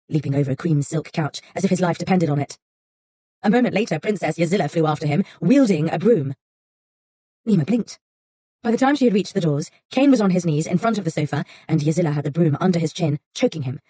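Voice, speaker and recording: Woman reading an audiobook, low dark voice, kinda husky, soft and unhurried. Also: no echo. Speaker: audiobook narrator. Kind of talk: audiobook narration.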